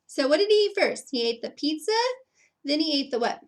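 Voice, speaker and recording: Bright animated woman reading to children. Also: high-pitched, a little fast. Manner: lively, questioning, with put-on character voices. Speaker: teacher reading aloud. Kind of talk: picture book read-aloud with questions to children.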